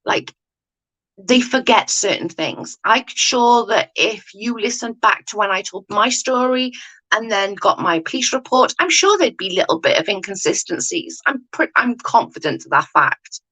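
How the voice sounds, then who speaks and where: A woman's voice: medium pitch, lively intonation, normal speed, fairly bright tone, low-quality recording. Rambling woman streaming casually. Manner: rambling, self-correcting, often asks "do you know what I mean". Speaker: YouTube commentator. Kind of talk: casual livestream chat, reading viewer comments.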